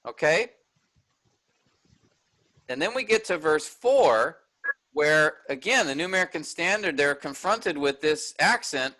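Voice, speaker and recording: Bright, energetic male teacher. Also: on the high side, measured pace, long pauses, low-quality recording. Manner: energetic, explains step by step with "all right?" checks. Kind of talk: workshop teaching.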